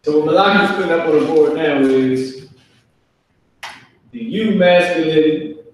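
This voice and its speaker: A man with a fairly high voice teaches a live online Hebrew class from a classroom with a whiteboard, speaking at a measured pace. He's loose, jokey and slangy, acting out kids' voices for laughs. The room is echoey and he stands away from the mic.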